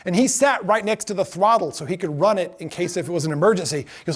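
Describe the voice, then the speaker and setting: A middle-aged man giving a storytelling lecture, animated and laughing often, acting out the voices of the people in his stories. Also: high voice, a little fast.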